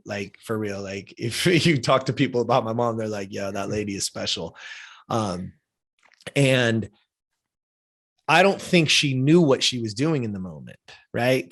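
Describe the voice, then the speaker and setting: A man's voice: medium pitch, fairly bright tone. Heartfelt fifty-year-old man telling a story. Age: 50s. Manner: heartfelt, casual, checks in with "right?" and "you know?". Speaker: podcast guest. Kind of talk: personal storytelling in a podcast interview.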